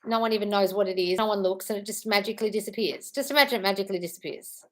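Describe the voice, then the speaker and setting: A woman's voice: medium pitch, rapid-fire. A woman hosting a casual live stream, chatting in a scattered, apologetic way while answering viewer comments.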